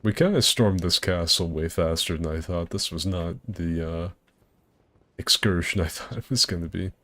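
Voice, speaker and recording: A man's voice: sits low, moderate pace, fairly bright tone, no echo. A man streaming a co-op game with friends, rambling in a laid-back way, swearing freely and laughing often. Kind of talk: casual gaming chat.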